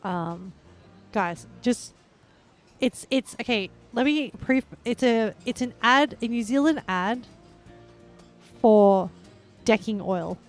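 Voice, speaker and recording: A woman's voice: on the high side, takes it slowly, long pauses, soft background music. A young adult woman live-streaming a game, chatting casually and rambling with lots of filler words. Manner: bursts into excited squeals and laughs.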